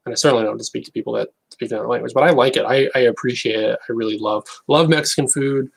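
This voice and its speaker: A young man talking casually to camera in a rambling, halting, wry way. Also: mid-range voice, steady tone, creaky, breathy edge, poor audio. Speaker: online creator.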